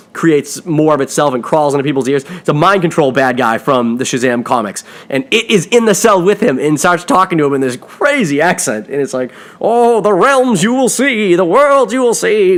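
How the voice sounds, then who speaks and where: A man giving an excited, rambling film review on a podcast, swearing freely. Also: mid-range voice. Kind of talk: casual movie review.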